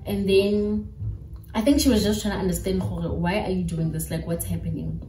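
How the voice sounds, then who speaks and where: Animated South African woman, echoey room. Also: on the low side, moderate pace. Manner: animated, chatty storytelling. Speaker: YouTuber. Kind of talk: storytime vlog. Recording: echoey room with faint music.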